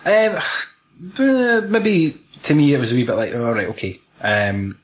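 Animated Scottish man, slangy and profane, swings his pitch while chatting about films. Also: a little slow. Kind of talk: casual film chat.

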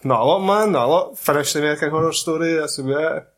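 A man's voice: fairly high pitch, fast talker. A Scottish man co-hosting a film podcast, tossing in dry, sweary, laid-back quips. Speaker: podcast co-host. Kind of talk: casual chat.

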